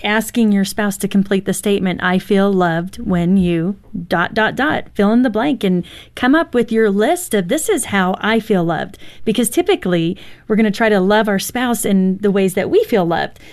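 A woman's voice: mid-range voice, moderate pace, few pauses, darkish tone. A woman with an ordinary mid-range voice speaks as a guest on a talk show. She gives marriage advice in an affirming tone and laughs along with the others. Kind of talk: casual chat on a talk show.

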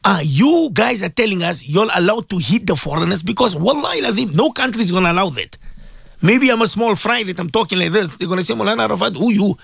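South African man, radio talk host, husky gravelly voice, dry close sound, repetitive emphatic delivery. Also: sits high, expressive, fairly quick, fairly bright tone, dry recording. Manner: repetitive, rhetorical questions, emphatic. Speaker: radio show host and Muslim cleric. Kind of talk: impassioned radio commentary.

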